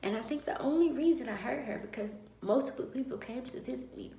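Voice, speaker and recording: A woman vlogger telling a personal story in a lively way and acting out the dialogue of others. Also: high voice, a little fast, creaky, a little hiss or hum. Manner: animated, acts out dialogue. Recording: roomy echo.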